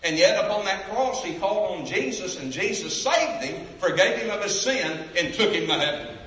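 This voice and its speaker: Emphatic preacher in an echoey hall. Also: male voice, sits high, animated, moderate pace, fairly bright tone, recorded from a distance. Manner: emphatic, calls out to the crowd for responses. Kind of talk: evangelistic sermon. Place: large church sanctuary.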